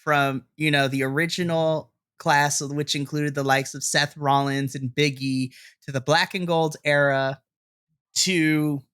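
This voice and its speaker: A young man co-hosting a wrestling podcast, recapping a show as an excitable storyteller who swears and acts out reactions. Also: on the high side, clear, resonant tone, no room sound, studio quality. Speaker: podcast co-host.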